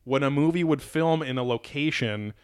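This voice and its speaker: A man's voice: mid-range voice, normal speed, clear, resonant tone. A man co-hosting a podcast, rambling and laughing in loose, profane banter. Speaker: podcast co-host.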